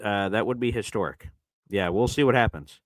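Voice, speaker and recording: A man with a lowish voice hosts a casual live sports stream, reading super chats aloud at a moderate pace. He's loose and chatty, full of fillers, swinging from loud to muttering. The audio is poor, with no room sound.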